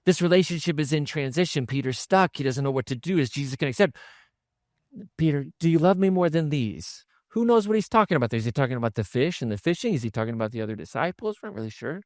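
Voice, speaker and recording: A man's voice: mid-range voice, lively intonation, racing, hardly any pauses, dry recording, clean studio sound. A man preaching a sermon as a pastor, telling the stories in a conversational way with asides. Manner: conversational storytelling with asides and chuckles.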